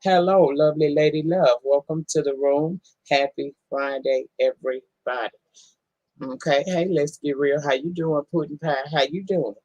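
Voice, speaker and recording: A woman's voice: low voice, normal speed, darkish tone, no echo, dull audio. A woman hosting a casual live-stream, greeting viewers one by one in a folksy, affectionate way. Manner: folksy, affectionate, calls people honey and baby. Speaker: livestream host.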